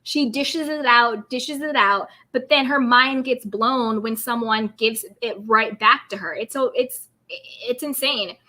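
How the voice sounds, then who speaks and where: Bright, gossipy woman hosting a live stream. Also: a little high, unhurried. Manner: gossipy and chatty, hedging everything as alleged; animated, laughs often. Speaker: host of a live-streamed reality TV recap. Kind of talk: live-stream commentary, reading viewer comments.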